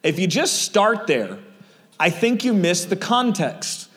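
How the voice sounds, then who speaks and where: A man's voice: high-pitched, very animated, slow pace, a bit bright. Earnest man preaching in a reverberant hall. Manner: earnest, conversational, many fillers. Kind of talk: sermon.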